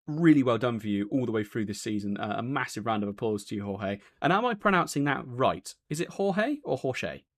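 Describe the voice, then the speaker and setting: A man's voice: mid-range voice, animated, fast, hardly any pauses. A man hosting a post-race interview, talking in a chatty, rambling way with lots of fillers and self-corrections. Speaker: race broadcast host.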